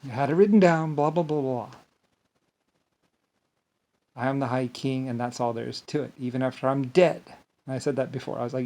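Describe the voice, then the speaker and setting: A man on an angry, rambling rant, speaking at a middling pitch. He swears freely, trips over his words and restarts them, and keeps filling gaps with dismissive "blah, blah.". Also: a little fast, long pauses, dark tone. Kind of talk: monologue rant to camera.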